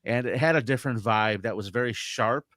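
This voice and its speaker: A man's voice: mid-range voice, fairly quick, a bit bright, no echo, studio quality. A man co-hosting a casual podcast, reading chat messages in a joking, self-mocking way. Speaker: podcast co-host.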